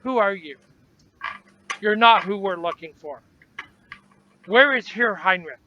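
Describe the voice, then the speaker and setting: A man's voice: high-pitched, animated, slow pace, pushed and bright, heavily acted. A man voicing a stern armed squad commander in a tabletop game, with a clipped, accusatory delivery, on a dull lo-fi recording with faint noise. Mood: demanding.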